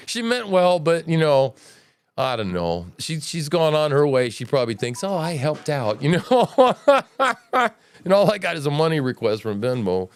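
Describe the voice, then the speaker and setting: A man's voice: a little high, wildly swooping pitch, a little slow, clean tone. A man hosting his own livestream, giving blunt, profane political and religious commentary in a preachy rant, with mocking quotes of opponents. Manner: jumps between mocking quotes and lectures. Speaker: livestream show host.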